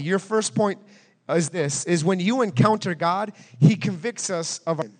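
Preaching with emphasis, this pastor repeats his points and throws questions out to the congregation. He speaks at a normal speed in a voice pitched high for a man, and a big hall gives it a long, ringing reverb.

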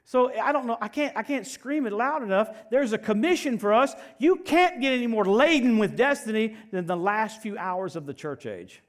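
High-voiced, animated male preacher. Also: normal speed, hardly any pauses. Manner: animated, joking, swings from loud to soft. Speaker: pastor. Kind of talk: sermon.

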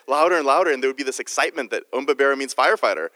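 A man's voice: medium pitch, rapid-fire, pushed and bright, no echo, big-room sound. A man preaching a sermon in a jokey, conversational way, often restarting his sentences. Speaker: guest preacher.

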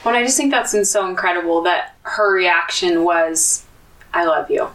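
A woman's voice: fairly low pitch, moderate pace, fairly bright tone, far from the mic, low-quality recording. A woman hosting a podcast interview, supportive and affirming as she responds to her guest. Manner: supportive and affirming, reflecting back on the guest's story. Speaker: podcast host. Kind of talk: conversational interview.

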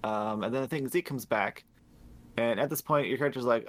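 A man on a podcast casually recapping a video game story, rambling and swearing, laughing as he acts out characters in quick paraphrase. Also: mid-range voice. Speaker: podcast host.

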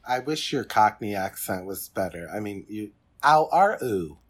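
A man's voice: fairly low pitch, expressive, normal speed. A man co-hosting a podcast in casual chat, dropping wry, dry asides. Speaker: podcast co-host.

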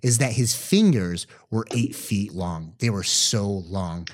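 This young man co-hosts a podcast, telling stories in casual chat with a lowish voice at a slow pace, over slight background noise. An animated storyteller, he acts out the people he quotes and swears freely.

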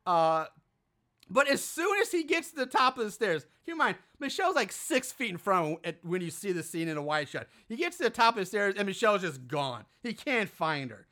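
Recapping a film in a casual podcast, the host sounds profane, animated and fed up, with a bright, lively pitch and a fairly quick pace.

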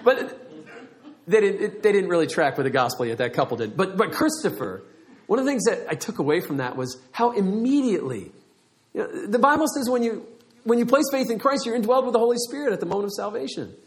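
Middle-aged male pastor, animated storyteller, somewhat high voice. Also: quick pace. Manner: animated storytelling with acted-out quotes. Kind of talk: sermon.

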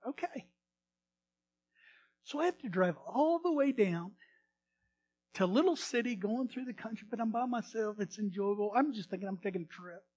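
A male pastor telling a story in a sermon, animated, swinging from loud bursts to hushed retelling. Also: sits high, fairly quick.

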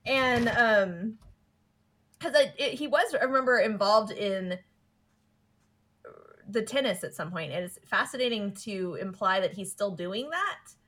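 A woman's voice: mid-range voice, animated, unhurried, long pauses, a bit bright. Amused chatty woman podcast host. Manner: chatty and amused, often laughing, acts out quotes. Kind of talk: casual chat recapping a cartoon.

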